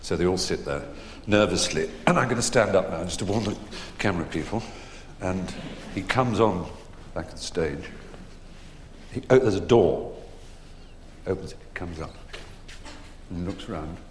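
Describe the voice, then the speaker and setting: Middle-aged English man, deep voice, hesitant anecdotal storyteller on a live stage, faint hall reverb. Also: moderate pace. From England. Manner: rambling, hesitant storytelling with many fillers. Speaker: guest performer. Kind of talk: anecdotes before a live audience. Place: theatre stage. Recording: echoey hall, faint noise.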